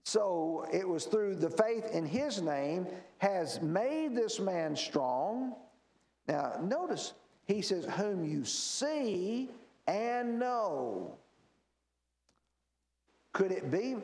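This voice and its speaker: A man's voice: high voice, sing-song, slow pace, darkish tone. A man teaching a Bible class in a church, explaining verses and asking the class rhetorical questions. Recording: echoey church room.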